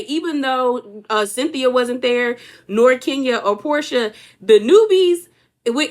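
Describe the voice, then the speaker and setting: A woman hosting a casual reality TV recap, animatedly acting out what the cast said. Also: fairly high pitch. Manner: animated, acts out cast members' lines. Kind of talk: casual chat.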